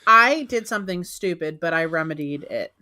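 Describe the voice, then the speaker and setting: A woman co-hosts a live selling stream, chatting casually, laughing often, and poking fun at herself. Her lowish voice is animated and sharp in tone, at a normal speed.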